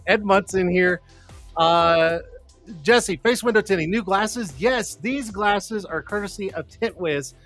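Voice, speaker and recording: A man's voice: high-pitched, slow pace, fairly bright tone, faint music behind. A man hosting a live streamed show in casual chat, rambling, swearing freely and laughing often.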